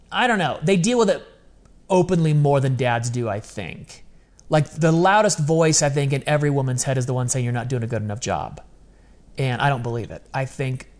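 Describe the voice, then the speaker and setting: A man speaking as a podcast guest in a candid interview, telling stories in an earnest, open, confessional way and often quoting what he once said. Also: mid-range voice. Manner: quotes his own past words in dialogue.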